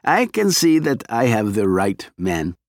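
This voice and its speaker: A man's voice: on the low side, very animated, unhurried, no echo, clean studio sound. A man voicing a genial, coldly polite male Soviet agent in disguise, in an audiobook reading. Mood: genial menace. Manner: polite, smooth, coldly courteous.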